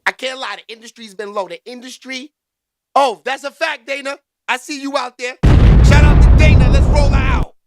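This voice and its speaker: A man's voice: very high voice, fairly even intonation, normal speed. A man from New hosting a show, chatting in a loose, slangy, rambling way. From New York. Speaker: show host. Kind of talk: casual livestream commentary. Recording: loud music bed under voice. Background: loud music.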